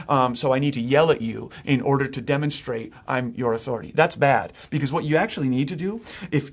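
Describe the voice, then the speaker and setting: A man's voice: mid-range voice, vocal fry, husky. A middle-aged man, a pastor, preaching a sermon in a casual, conversational way, often restarting his sentences and acting out what parents say.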